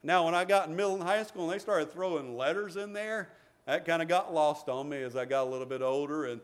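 A middle-aged man delivers a sermon in a relaxed, conversational way. His voice sits high for a man. He often repeats words and adds short chuckles between points. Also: quick pace, clear, resonant tone. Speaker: preacher.

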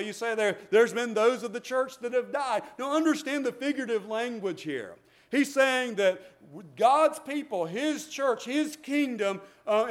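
A middle-aged male preacher giving a conversational sermon, repeating words and chuckling between points. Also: high-pitched.

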